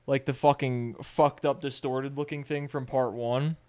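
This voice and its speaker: A man with a smooth, clear voice at a middle pitch drops blunt, profane remarks while reacting on a stream. The sound is dry and close. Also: fairly even intonation, a little slow, warm tone, no room sound. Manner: blunt interjections, swears. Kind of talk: casual reaction commentary.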